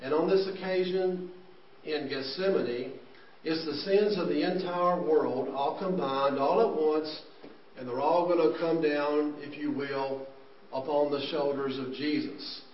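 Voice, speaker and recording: A man's voice: a little high, fairly even intonation, unhurried, slight background noise. A man preaching an earnest sermon, explaining scripture as he reads it. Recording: echoey room, distant mic, dull sound.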